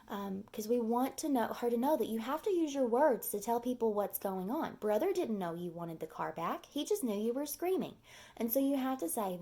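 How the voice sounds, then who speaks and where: Calm, measured woman teacher. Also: fairly high pitch. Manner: calm, measured, repeats key phrases, frequent ums. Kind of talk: parenting advice talk.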